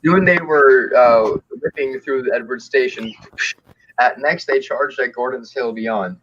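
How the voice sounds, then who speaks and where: Husky casual man reading aloud, muffled stream audio. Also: mid-range voice, measured pace, fairly bright tone. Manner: stumbling over words, laughing at the text. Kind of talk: casual comic read-aloud.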